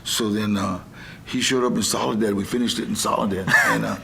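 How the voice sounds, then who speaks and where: A man's voice: fairly low pitch, a little fast, gravelly, slight background noise. An older man, a guest on a talk show, telling rambling stories in a casual way and acting out other people's lines. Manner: rambling, animated, acts out quotes. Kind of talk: casual storytelling.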